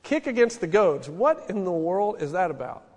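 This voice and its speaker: A man in his forties preaching a sermon, telling stories with an animated, folksy manner. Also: high voice, normal speed. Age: 40s. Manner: storytelling, animated, folksy asides. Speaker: pastor. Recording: long hall reverb.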